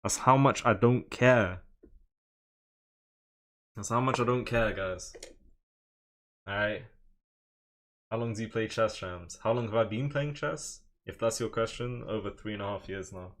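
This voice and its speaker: A man's voice: fairly low pitch, measured pace, long pauses, slight background noise. A young man streaming chess live, joking and boasting while reading out chat messages.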